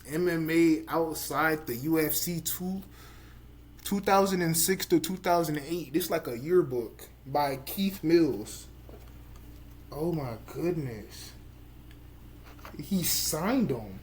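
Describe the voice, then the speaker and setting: Casual male podcast host, slightly high voice, jokey and slangy; recording carries noticeable background noise. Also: measured pace. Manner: excitable, slangy, loose and joking. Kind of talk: casual chat.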